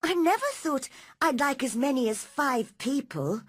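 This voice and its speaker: A woman doing a high, eager little girl. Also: lively intonation, a little slow, dry recording, clean studio sound. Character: anxious young girl.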